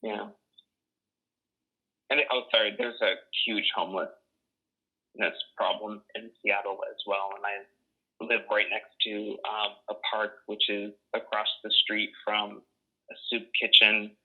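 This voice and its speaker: A man's voice: on the low side, level tone, unhurried, long pauses, slightly rough. A young man from Boston telling personal stories in a blunt, profane way, full of casual fillers, heard over a tinny phone-like line. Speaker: oral history interviewee. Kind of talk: casual storytelling.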